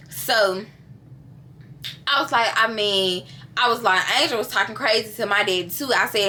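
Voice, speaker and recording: Young woman in her early 20s doing a chatty storytime vlog, bright sharp voice, faint noise behind. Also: medium pitch, normal speed, long pauses. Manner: lively, chatty, addresses viewers directly. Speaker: vlogger. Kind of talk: casual storytime.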